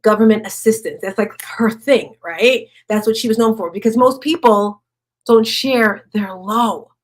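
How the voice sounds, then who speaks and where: A woman giving a personal motivational talk, chatting with the audience, asking them questions and slowing right down on key lines. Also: fairly high pitch. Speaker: speaker at a women's event.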